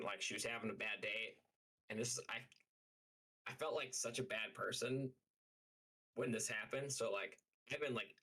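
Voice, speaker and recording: A man's voice: on the low side, bright, forceful tone, poor audio. A man streaming live, telling a story as a heated, profane rant full of fillers. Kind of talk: casual livestream rant.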